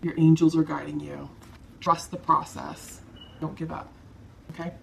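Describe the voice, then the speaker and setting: A woman giving a tarot card reading to her viewers, soft-spoken, emotional and reassuring. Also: deep voice, level tone, a little slow, vocal fry, slight background noise. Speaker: tarot reader.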